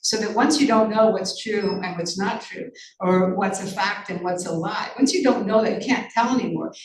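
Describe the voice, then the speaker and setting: A woman's voice: mid-range voice, normal speed. A woman author answers interview questions with earnest intensity, breaking off and restarting her thoughts. Her voice carries a roomy echo. She sounds a little distant from the microphone. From Canada. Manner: earnest, many restarts and fillers. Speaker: author and journalist guest. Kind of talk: conversational interview.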